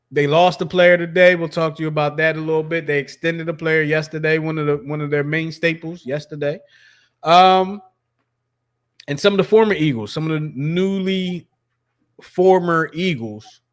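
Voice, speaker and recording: A man hosting a sports podcast in a loose, chatty way, with lots of fillers and restarts. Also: fairly high pitch. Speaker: podcast host. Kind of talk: casual sports chat.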